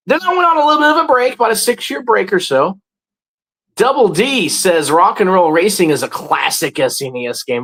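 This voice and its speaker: A man in his forties hosting a casual livestream, greeting viewers and chatting about sports, often jumping into loud, high bursts. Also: rough recording. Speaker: livestream host.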